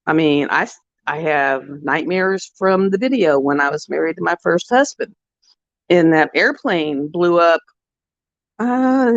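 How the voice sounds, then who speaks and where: A woman's voice: lowish voice, no echo. A woman hosting a livestream, chatting casually with her viewers in a rambling, heartfelt storytelling way. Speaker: livestream host. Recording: dull, dry lo-fi sound.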